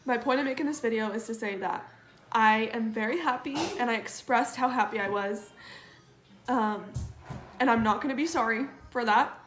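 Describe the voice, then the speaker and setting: A woman's voice: a little high, normal speed, fairly bright tone, roomy sound. Young woman holding back tears. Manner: apologetic, fighting back tears. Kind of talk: emotional selfie vlog.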